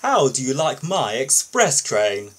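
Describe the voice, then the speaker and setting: Man voicing a grumpy tired big engine, slow grumble, husky. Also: medium pitch, big pitch swings, fairly bright tone, full character voice.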